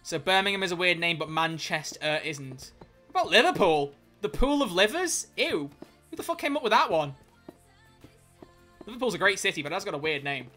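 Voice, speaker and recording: Male streamer, bright, sharp voice, joking and swearing over faint music. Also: fairly high pitch, animated. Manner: joking, swearing, quick self-corrections. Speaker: livestreamer. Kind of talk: casual stream chat, reading chat aloud.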